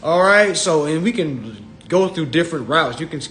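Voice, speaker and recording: A man's voice: on the high side, animated, normal speed, fairly bright tone, a little hiss or hum. A man lecturing on a livestream in a streetwise, profane manner, laughing at his own jokes and slipping into mock voices. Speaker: financial self-help lecturer. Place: livestream at home.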